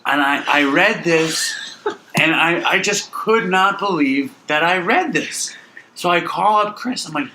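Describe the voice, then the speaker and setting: Man, podcast co-host, crisp bright tone, teasing banter, faint hiss behind. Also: a little high, unhurried, poor audio. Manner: animated, teasing, mock-outraged. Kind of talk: casual comedic podcast banter.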